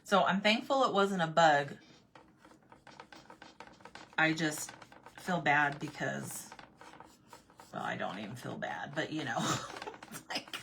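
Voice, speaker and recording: A woman originally from Arizona telling a funny everyday story in a casual vlog, animated, repeating herself and laughing often. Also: low-pitched, creaky, a little hiss or hum. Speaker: vlogger.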